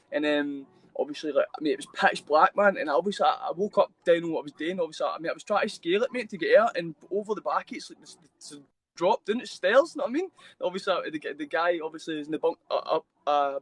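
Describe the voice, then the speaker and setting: A man's voice: high voice, no room sound. Rambling Glaswegian man on a call. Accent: Glaswegian Scottish. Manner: rambling, peppers every phrase with mate, bro, man. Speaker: guest. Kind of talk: casual chat. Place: shared hostel dorm room.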